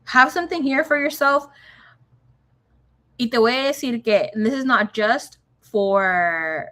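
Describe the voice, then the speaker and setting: A woman's voice: fairly high pitch, a little slow, a bit bright. A young woman giving a casual tarot reading, chatty and swearing freely, with Spanish phrases dropped into her talk. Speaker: tarot reader.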